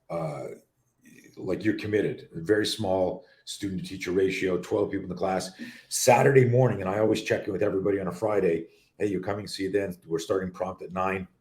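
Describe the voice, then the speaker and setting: Recorded in a reverberant home office, this low-sitting male voice belongs to a middle-aged self-defense coach from Canada. Hosting a live-stream talk show, he rambles animatedly through stories, swearing casually as he goes.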